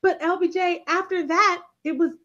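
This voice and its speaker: A woman's voice: very high-pitched, moderate pace, dull audio. A woman co-hosting a casual TV recap chat, telling the story with energy and acting out the characters' lines. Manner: animated storyteller, acts out quotes. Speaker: recap show co-host.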